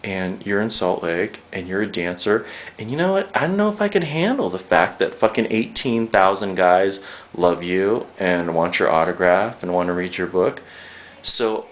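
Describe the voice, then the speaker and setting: Low-voiced man rambling and swearing. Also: big pitch swings, normal speed. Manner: swears a lot, rambling, jokey, emotional. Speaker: interviewer. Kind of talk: emotional interview, profane and rambling.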